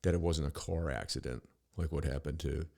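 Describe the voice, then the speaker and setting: A man's voice: very deep voice, a little fast, gravelly, mellow. A middle-aged man hosting a podcast, ranting in a rambling, profane, sarcastic monologue full of restarts. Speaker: podcast host.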